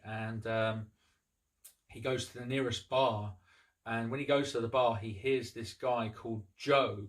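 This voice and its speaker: A man hosting a casual movie review, retelling the plot in a relaxed way with frequent ums and restarts. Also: mid-range voice.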